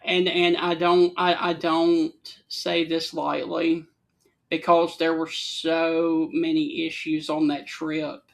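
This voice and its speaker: A man's voice: on the high side, monotone, slow pace, gravelly. A man from Alabama with a Southern accent, co-hosting a casual talk show and telling stories in an easygoing way. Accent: Southern American. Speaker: co-host. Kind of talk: casual chat.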